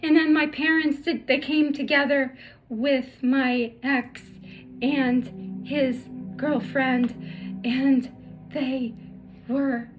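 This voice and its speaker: A woman with a high voice shares a painful personal story, her words stumbling and restarting as tears come through. She sounds middle-aged, and faint music plays quietly behind her. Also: steady tone. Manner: halting, emotional, many restarts. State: tearful. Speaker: spiritual healer telling her life story.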